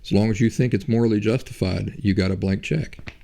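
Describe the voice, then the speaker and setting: A man's voice: fairly low pitch, steady tone, fairly quick, creaky, dark tone. A man hosting a podcast, talking through an argument in a rambling monologue and asking rhetorical questions. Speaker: podcast host. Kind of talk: casual monologue.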